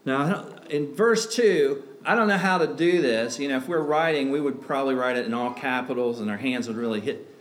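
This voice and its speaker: A pastor preaches conversationally in a medium-pitched voice, talking fairly quickly with few pauses. He poses rhetorical questions and every so often breaks into emphatic outbursts.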